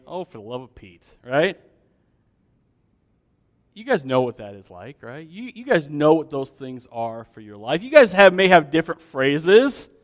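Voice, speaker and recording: A man preaching a sermon in a relaxed, conversational way, talking directly to his congregation with frequent restarts and asides. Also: a little high, big-room sound. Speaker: pastor. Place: church.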